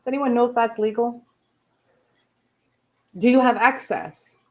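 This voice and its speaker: A woman's voice: on the high side, a little slow, a little mellow. A woman from Canada chatting casually on a livestream, candid and ranting, speaking her mind. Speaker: streamer.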